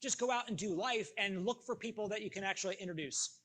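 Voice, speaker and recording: A man giving a sales training talk, energetic and acting out both sides of phone calls with prospects. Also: high-pitched, fast talker.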